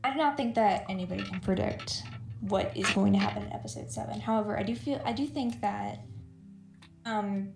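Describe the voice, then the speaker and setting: Sleepy girl streamer rambling with lots of ums, echoey room, quiet music. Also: medium pitch, vocal fry. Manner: halting, rambling with many fillers. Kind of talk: casual chat while drawing.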